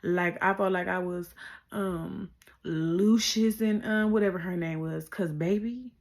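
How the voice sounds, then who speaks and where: A young woman telling a casual storytime to her viewers, chatty and slangy, repeating herself and breaking into animated asides. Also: on the low side, unhurried.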